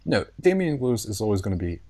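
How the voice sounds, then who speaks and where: A man's voice: on the low side, sing-song, fast, background noise. A man hosting a podcast in casual chat, rambling and hesitant as he describes shows. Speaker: podcast host.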